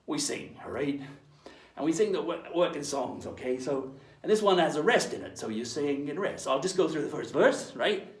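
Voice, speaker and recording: A man's voice: fairly high pitch, animated, normal speed, reverberant, far from the mic. A man, playing a pirate captain who teaches children in a playful online lesson, chatty and hearty, checking in with "right?" after each point.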